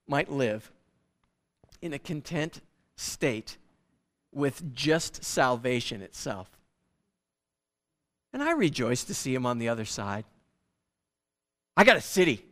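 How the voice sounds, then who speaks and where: A man preaching a sermon as pastor, in an animated, conversational way with frequent restarts. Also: medium pitch, slow, long pauses.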